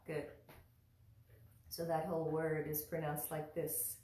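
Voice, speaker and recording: A woman teaching mantra pronunciation slowly and patiently, chanting and repeating each sound for the listener to copy. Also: low-pitched, completely flat delivery, dark tone, echoey room. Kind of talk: slow, patient instruction with chanting.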